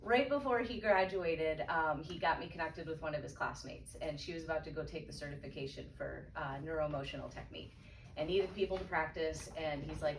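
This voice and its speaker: A woman in her thirties gives a candid personal testimony with a slightly low voice, circling back and restarting as she tells it. She stands some distance from the microphone, so her voice sounds roomy and echoey. A faint hum of room ambience sits underneath. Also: fairly quick. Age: 30s. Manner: candid, storytelling, frequent restarts. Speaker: guest speaker. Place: event room.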